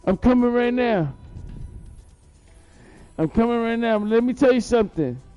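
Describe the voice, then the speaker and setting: A man's voice: very high-pitched, lively intonation, a little slow, smooth, dull audio, soft background music. A man rambling through a profane, boastful story in a live-stream monologue, repeating himself as he goes.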